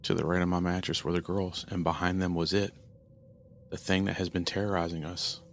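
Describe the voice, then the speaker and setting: A man reads a horror story in the first person, in a very deep, gravelly voice. His delivery is steady and earnest, and a faint hiss sits behind him. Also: fairly quick. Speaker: narrator.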